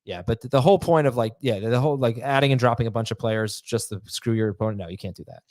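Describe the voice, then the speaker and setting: A man hosting a casual podcast chat, reading listener emails aloud and talking in quick, halting bursts. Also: medium pitch, darkish tone, no room sound, clean studio sound.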